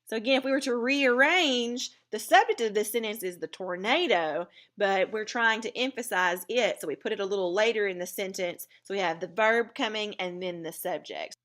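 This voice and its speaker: A woman of medium pitch and fairly bright tone teaches a recorded writing lesson. She explains clearly and deliberately, with occasional fillers.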